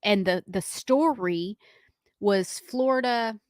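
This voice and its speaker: A woman's voice: medium pitch, slow, darkish tone, dry recording, studio quality. Easygoing female radio co-host. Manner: easygoing, rambling storytelling. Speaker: radio morning show co-host. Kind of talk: casual radio chat.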